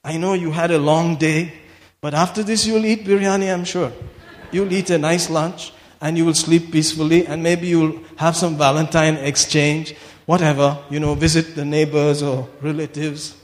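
A high-pitched man preaches a sermon, swinging from low asides to shouted declarations. His voice rings with a long reverb through a large hall. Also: steady tone, normal speed.

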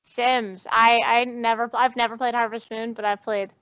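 A woman co-hosting a casual podcast, chatty and playful, rambling through her stories. Her voice sits a little high. The recording is dry and dull. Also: flat delivery, moderate pace, fairly bright tone, smooth, dry recording. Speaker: podcast co-host. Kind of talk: casual chat.

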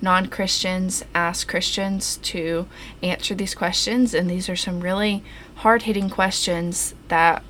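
A young woman co-hosting a faith podcast, reading her prepared points in a steady way. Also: lowish voice, takes it slowly, slight background noise. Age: young adult. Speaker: podcast co-host. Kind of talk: casual faith discussion.

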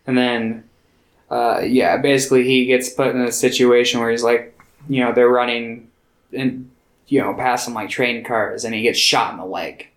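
A man in casual podcast talk, calmly summarizing scenes and agreeing with his co-host. His voice sits at a middle pitch. The recording has a roomy echo. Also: normal speed. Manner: laid-back, agreeing, filling in plot points. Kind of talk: casual film discussion.

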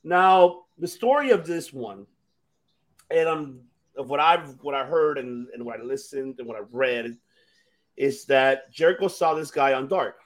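A man co-hosting a casual wrestling podcast, talking in an animated, excitable way and swearing freely. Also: medium pitch, unhurried. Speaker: podcast co-host.

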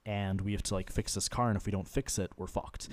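Young male co-host, low and dry, loose rambling talker with a joking edge. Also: fairly even intonation, fairly quick, dry recording. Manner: rambling, swears freely, jokey. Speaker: podcast co-host. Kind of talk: casual chat.

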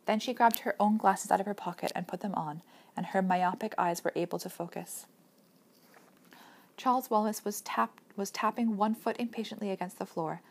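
A woman reading a novel aloud as an audiobook narrator, in steady, measured storytelling. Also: mid-range voice, gravelly. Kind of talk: scripted narration.

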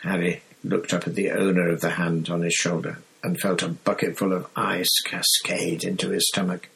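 A man reading a novel aloud in steady, measured narration. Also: low-pitched, creaky, poor audio. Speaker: audiobook reader. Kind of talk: scripted narration.

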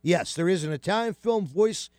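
A man hosting a casual radio talk show, chatty and animated, with many fillers and restarts. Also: high voice, normal speed, no room sound, studio quality.

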